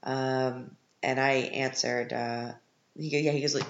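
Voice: medium pitch, flat delivery, slow pace, gravelly, roomy sound, muffled recording. A podcast host giving a casual, sarcastic recap of a film, sounding exasperated with it.

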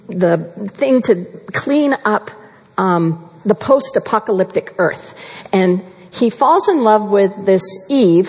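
A woman's voice: mid-range voice, darkish tone, slightly rough. Woman preaching in an echoing hall. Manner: measured, earnest preaching with slow emphatic phrases. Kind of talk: sermon. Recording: long reverb of a large hall.

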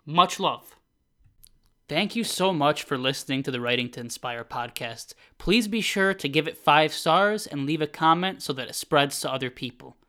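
On his motivational podcast, this host talks at a normal speed in a high, bright, animated voice. He's earnest, uses repeated phrases to pump himself up, and now and then grows loud and fired up.

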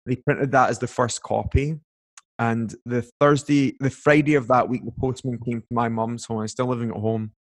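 A man's voice: mid-range voice, steady tone, normal speed. A young man, a guest telling a long personal story in a casual chat, full of fillers and acted-out quotes. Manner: chatty, filler-heavy, acts out quoted voices.

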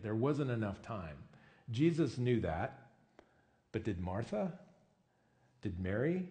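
Lively-voiced man preaching conversationally. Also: lowish voice, slow pace, pauses often. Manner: conversational, asks the listeners rhetorical questions; casual with frequent "I mean" and "you know". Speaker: pastor. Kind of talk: sermon.

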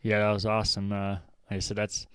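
A young man with a low, smooth voice hosting a relaxed gaming podcast. He thinks out loud and rambles through his points, poking fun at himself. The sound is dry and close. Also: fast talker, dry recording. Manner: rambling, self-deprecating, thinks aloud. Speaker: podcast host. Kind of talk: casual chat.

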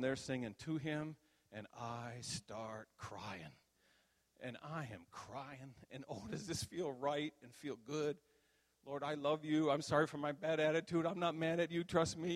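A middle-aged man giving an animated testimony sermon as a pastor, acting out the voices in his story. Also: on the high side. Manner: animated storytelling, acts out quotes. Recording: long hall reverb.

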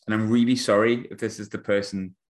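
A man's voice: fairly low pitch, fairly quick. A young man, hosting a podcast and telling a funny story in casual, slangy chat. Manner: animated, laughing storyteller, slangy. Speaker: podcast host.

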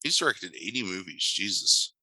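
A man's voice: sits low, very animated, moderate pace, bright, forceful tone, no echo, rough recording. A man co-hosting a podcast in casual chat, sardonic and mocking, with frequent exclamations. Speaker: podcast co-host.

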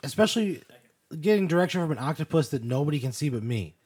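Exasperated, husky man protesting. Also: a little high, sing-song, fast talker, darkish tone. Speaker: podcast co-host. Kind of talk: improvised comedy banter.

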